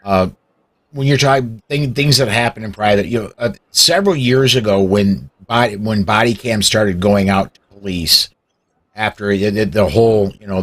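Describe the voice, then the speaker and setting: A man's voice: fairly low pitch, fairly bright tone. Conversational man hosting a political podcast. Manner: conversational, hesitant starts building to emphatic points. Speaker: podcast host. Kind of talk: casual political talk.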